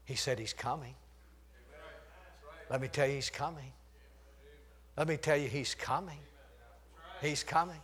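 An older man delivers a sermon in a fairly high-pitched voice, taking his time and pausing often. He swings between loud, shouted declarations and hushed storytelling, chuckling at his own jokes along the way.

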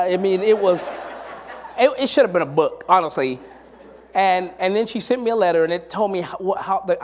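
High-voiced man preaching a sermon. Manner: storytelling, rising to emphatic exhortation. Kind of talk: sermon with personal stories.

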